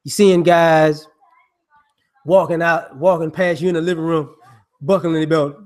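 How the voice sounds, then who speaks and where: A man giving casual, rambling monologue commentary in slangy speech, filled with "you know" and quick acted-out voices. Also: a little high. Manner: acts out people he mocks with quick voices.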